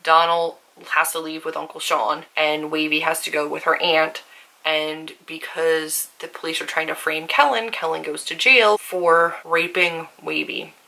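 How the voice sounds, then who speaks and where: Woman, low voice, gravelly fry, bright edge, casual rambling book chat. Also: level tone, a little slow, poor audio. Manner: rambling, frank retelling. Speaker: book reviewer. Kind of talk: casual book discussion vlog.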